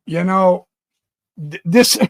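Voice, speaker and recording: Slow and high-voiced, a man running his own reaction channel sounds indignant and emphatic. He keeps tripping over the first words of sentences. The recording is dry.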